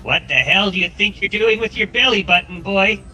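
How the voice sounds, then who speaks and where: A text-to-speech man's voice playing a gruff, streetwise male drug dealer who talks in a blunt, mocking way. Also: high voice, animated, normal speed, sharp tone, voice pushed up, heavily acted, poor audio.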